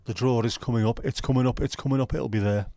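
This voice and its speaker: A man's voice: mid-range voice, fairly even intonation, fast, dark tone, dry recording. A man hosting a livestream, chatting casually with his viewers in banter full of swearing. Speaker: livestream host. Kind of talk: casual chat with live viewers.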